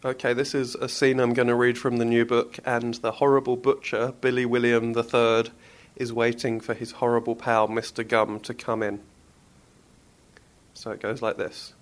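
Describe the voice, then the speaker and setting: A man in the middle of a mid-pitched range reads from his children's book and chats between passages. He is jokey and playful, laughing at his own lines and retaking ones he fumbles. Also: little pitch movement, normal speed. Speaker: children's author. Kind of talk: casual interview and book reading.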